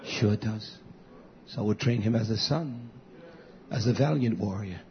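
A man preaching a sermon to his congregation, repeating phrases and building to loud, high emphatic peaks. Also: moderate pace. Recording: dull lo-fi recording.

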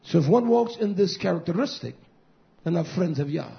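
A middle-aged man preaching a fiery sermon, scolding, dropping to low mutters and whispers, then rising into loud outbursts. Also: animated, a little fast, gravelly. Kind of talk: fiery street-style sermon. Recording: muffled lo-fi recording.

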